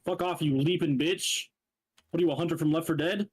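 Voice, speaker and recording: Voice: mid-range voice, steady tone, fairly quick, husky. A person casually bantering and swearing at a video game while chatting with their partner.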